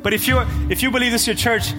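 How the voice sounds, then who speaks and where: A man preaching as pastor, moving between shouted, rising climaxes and quieter prayer passages. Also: extremely high pitch, steady tone, racing. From Cape Verde. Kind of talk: sermon. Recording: live church hall with music and congregation.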